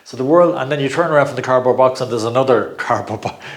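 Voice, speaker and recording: Man, middle-aged, informal coaching talk, chatty, frequent laughs, halting repeats, mid-pitched voice. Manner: chatty, laughs often, repeats words while searching. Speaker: personal growth coach.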